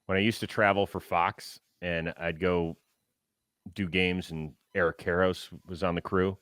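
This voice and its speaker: A middle-aged man hosts a casual baseball talk show in a chatty, joking way. His voice sits a little low but has a bright, forceful edge. The sound is dry and close. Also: level tone, measured pace, clear, resonant tone, no echo. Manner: chatty, jokey, signs off the show. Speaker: host.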